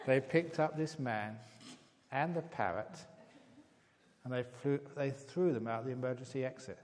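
A man giving a calm meditation talk, speaking gently and growing softer on key words. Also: medium pitch, normal speed, a little hiss or hum. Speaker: meditation teacher. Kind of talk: dharma talk with a joke. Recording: long hall reverb.

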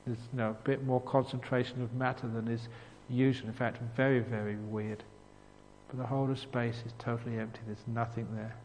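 A man's voice: medium pitch, a little mellow, slight background noise. English man giving a humorous dharma talk in a hall. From England. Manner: humorous storytelling with frequent chuckles. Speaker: Buddhist monk teacher. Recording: reverberant hall with faint ambience.

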